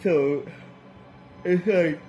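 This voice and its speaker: A man casually reviewing an anime episode in loose, slangy talk, with lots of restarts and animated reactions. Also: sits high, extremely slow, muffled recording, soft background music.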